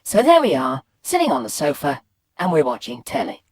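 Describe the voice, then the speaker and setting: A woman animatedly telling a comic childhood story, shifting from hushed asides to loud excited bits. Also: low voice, a little fast, slightly rough, no echo, clean studio sound. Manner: lively, swings between hushed and loud bits.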